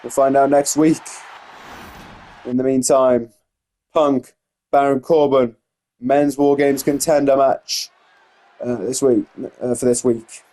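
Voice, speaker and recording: A man giving play-by-play commentary over a wrestling video game, getting excited on big moves and rambling into asides full of fillers. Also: mid-range voice, slow pace, pauses often. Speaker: gameplay commentator.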